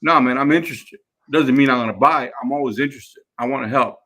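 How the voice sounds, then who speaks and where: A man's voice: medium pitch, quick pace. A man coaching his team in a casual talk, repeating himself and acting out phone calls with sellers. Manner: energetic, repeats words, acts out phone calls. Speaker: real estate investing coach.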